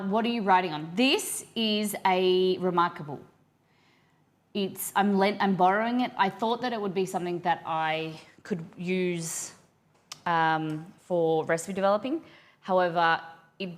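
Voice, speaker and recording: A young woman hosting a cooking livestream, chatting casually and rambling as she reads her viewers' messages aloud. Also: on the low side.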